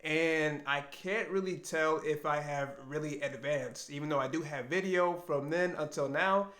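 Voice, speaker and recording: A man with a somewhat high voice talks to camera in an earnest, reflective way, often asking himself questions out loud. His voice rings around a roomy, echoey space. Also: normal speed. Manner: earnest, thinking aloud, with self-questions. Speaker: language learner vlogger. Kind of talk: reflective solo talk to camera.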